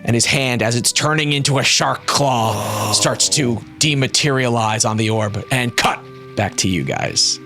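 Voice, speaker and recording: Male game master, animated casual narration, mid pitch, faint music bed. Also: unhurried. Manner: animated storytelling, frequent fillers.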